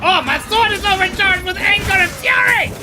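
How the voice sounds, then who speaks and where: A streamer giving loud, foul-mouthed gameplay commentary and shouting insults at the monsters. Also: very high voice, normal speed, crowd noise. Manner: loud, swearing, yelling at monsters. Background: game music.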